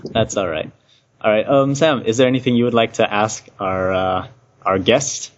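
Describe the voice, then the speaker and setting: A man's voice: lowish voice, moderate pace, noisy background. A young man hosting a casual podcast, hesitant with many ums and laughing often. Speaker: podcast host. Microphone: online voice call. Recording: dull lo-fi call audio.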